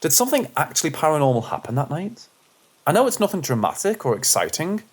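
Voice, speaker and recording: A man narrating first-person paranormal stories aloud, in an animated storytelling manner. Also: fast, slightly rough. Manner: animated storytelling with lively pitch.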